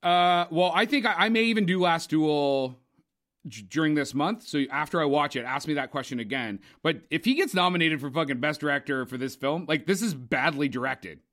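A man's voice: a little high, lively intonation, a little fast, a bit bright. A young man co-hosting a podcast, giving a casual, opinionated and profane movie review full of rambling asides. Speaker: podcast co-host, film reviewer.

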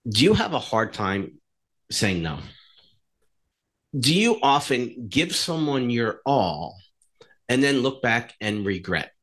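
A man co-hosting a podcast, telling stories in a casual, animated way and acting out the dialogue in them. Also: mid-range voice, takes it slowly, pauses often. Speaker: podcast co-host.

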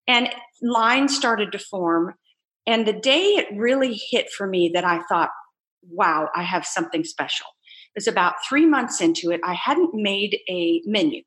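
A woman entrepreneur telling her story in a casual interview, animated and laughing as she acts out quoted voices. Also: medium pitch. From United States. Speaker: entrepreneur guest.

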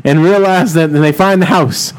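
A man leading an improvised comedic story game, animated and profane. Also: high-pitched, moderate pace, clear, resonant tone, rough recording.

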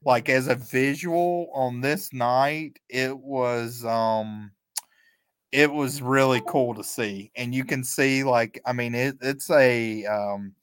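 A man co-hosting a podcast, recapping events play by play in a relaxed, chatty way and chuckling often. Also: mid-range voice, slow, smooth, no room sound. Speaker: podcast co-host. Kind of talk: casual recap chat.

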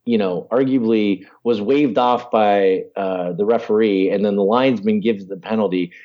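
A man co-hosting a casual sports podcast, arguing his points in an animated way with the odd curse word. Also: fairly low pitch, normal speed, muffled recording. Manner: animated, argumentative, mild cursing. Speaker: podcast co-host.

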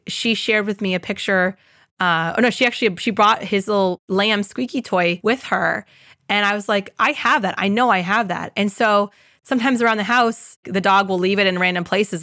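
A woman's voice: mid-range voice, fairly bright tone, dry recording, clean studio sound. A woman hosting a spiritual podcast, telling a personal story in an earnest, casual way and acting out the voices she quotes. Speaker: podcast host.

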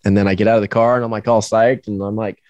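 A drag racing driver, a man, telling a story in a casual interview. He is animated and swears freely. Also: lowish voice, fast, clean tone, dry recording. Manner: animated storyteller, acts out quoted voices, swears, laughs.

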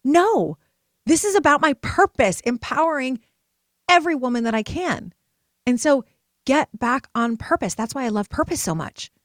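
A woman hosting a motivational podcast, telling her own story with emphatic, personal delivery that swings between soft and loud. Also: high-pitched, lively intonation, normal speed, no room sound, studio quality. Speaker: podcast host and purpose coach. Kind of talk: motivational solo podcast talk.

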